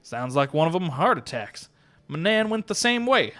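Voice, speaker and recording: A man's voice: a little high, sing-song, moderate pace, a bit bright, faint music behind, voice pushed up. A man voicing a brash, mouthy male tavern regular in a game, speaking in an American Southern accent.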